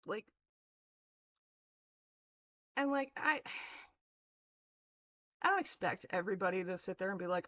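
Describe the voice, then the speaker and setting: A young vlogger, furious, rants to camera on her own video with heavy swearing and cutting insults, occasionally mocking others in a sneering voice. Her mid-range voice is fairly bright and moves at normal speed, though the recording is muffled.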